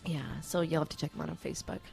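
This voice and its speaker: Woman radio co-host, lowish voice, lively storyteller, faint music behind. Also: rapid-fire, vocal fry. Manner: animated storyteller, acts out quotes. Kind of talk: casual radio chat, storytelling.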